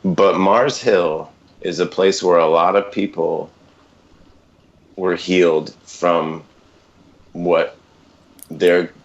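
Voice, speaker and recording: A man in his thirties with a low voice tells a personal story as a podcast guest. He rambles, breaking off mid-sentence for fillers and side notes. The recording sounds dull and lo-fi. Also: fairly even intonation, very slow, pauses often. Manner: rambling, self-interrupting, with many fillers and asides. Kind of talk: casual storytelling.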